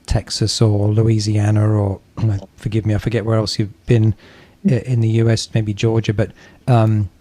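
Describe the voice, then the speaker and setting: A man's voice: fairly low pitch, flat delivery, normal speed, few pauses, mellow, no echo. A man hosting a podcast, asking thoughtful, carefully hedged questions. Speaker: podcast host. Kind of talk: curious interviewing.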